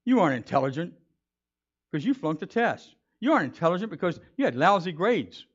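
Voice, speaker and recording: Brief: a man doing a critical, lecturing talking tree, voice dropped low, muffled recording. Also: sing-song, a little fast. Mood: scolding.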